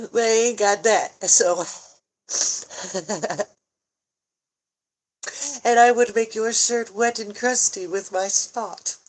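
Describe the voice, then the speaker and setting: Tearful woman, halting and sighing. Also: a little high, fairly even intonation, rough recording. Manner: halting, sighing, pausing often; frank, swears. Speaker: vlogger. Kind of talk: personal reflective vlog.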